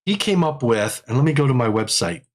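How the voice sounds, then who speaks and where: A man's voice: medium pitch, expressive, a little fast. A man hosting a live technical webinar in a casual way. He rambles, repeats phrases and laughs often. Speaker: livestream host.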